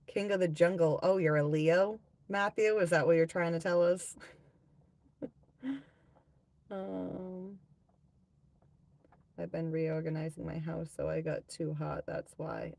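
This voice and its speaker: A woman's voice: on the low side, steady tone, takes it slowly, creaky, pauses often, a little mellow, no echo. A woman hosting a live tarot-reading stream, chatting casually with viewers, reading out their comments and swearing freely.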